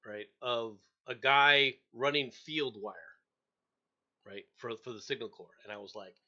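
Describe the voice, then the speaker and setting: A man's voice: mid-range voice, unhurried, lo-fi sound. A middle-aged man hosting a casual chat, telling a long story with lots of repeated words and acting out the people he quotes. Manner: animated, acts out quoted voices, laughs often, repeats words. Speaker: show host.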